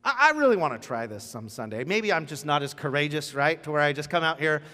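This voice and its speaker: A man preaching a casual, joking sermon as pastor, telling the story with lively asides. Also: a little high, fast. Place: church sanctuary. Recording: church hall with long reverb.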